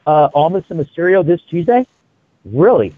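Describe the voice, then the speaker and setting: A man co-hosting a casual online hangout show, excitable and rambling with many fillers. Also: fairly high pitch, moderate pace, dry recording. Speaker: co-host. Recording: dull lo-fi mic.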